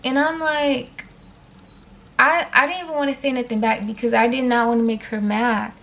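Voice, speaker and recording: A woman recounting a dramatic personal story for her channel, her voice fairly high and lively. She talks casually, peppering it with "like" and asides to her viewers. A faint hum sits behind her. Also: normal speed, vocal fry. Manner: animated, addresses viewers directly, frequent "like". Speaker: vlogger telling a personal story.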